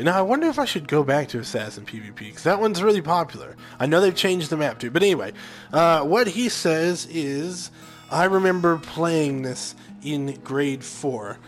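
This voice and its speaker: A young man casually telling personal stories to his viewers in a rambling way, full of fillers and asides. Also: fairly high pitch. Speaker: gaming video host.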